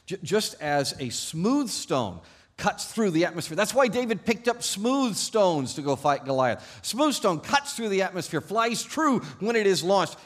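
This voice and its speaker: A male pastor delivers a sermon to his congregation, his voice sitting a little higher than most men's. His storytelling is animated and self-deprecating, shifting between loud, ironic emphasis and quiet confession. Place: church service before a congregation.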